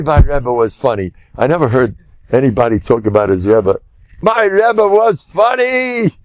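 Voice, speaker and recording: An older man, a rabbi, giving a humorous Torah lecture full of animated storytelling. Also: mid-range voice, vocal fry, husky, dry recording. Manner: animated, humorous storyteller who loudly acts out quotes.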